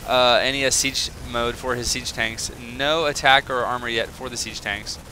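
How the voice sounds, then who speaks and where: An excitable young man talks his way through a strategy game match in a loose, rambling commentary full of ums and asides. His voice is bright and forward, with a faint hiss of noise under it. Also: mid-range voice. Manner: chatty, excitable, rambling with many fillers. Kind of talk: casual solo video game commentary.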